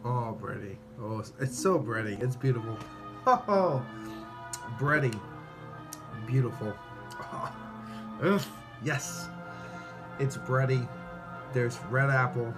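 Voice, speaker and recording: A man tasting and reviewing beer in a casual vlog, excitable and rambling, swearing freely and a bit tipsy after several beers. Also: mid-range voice, unhurried, long pauses. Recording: music playing clearly behind the voice.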